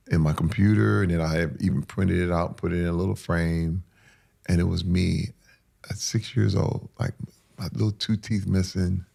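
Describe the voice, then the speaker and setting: As an interview guest, a man candidly shares his personal story, earnest and emphatic, repeating phrases to drive each point home. His low-pitched voice is gravelly and husky, and at moving moments he drops to a near whisper.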